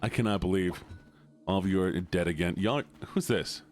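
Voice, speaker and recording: A man's voice: deep voice, normal speed, slight background noise. A man streaming a video game, chatting playfully with his viewers in casual commentary. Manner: playful, banters with chat, drops into silly voices.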